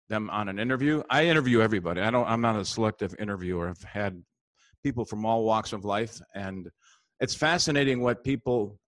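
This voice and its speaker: A man's voice: lowish voice, dry recording, clean studio sound. A man, a comedian guest, chatting in a rambling, joking way with many fillers. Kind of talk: casual interview chat.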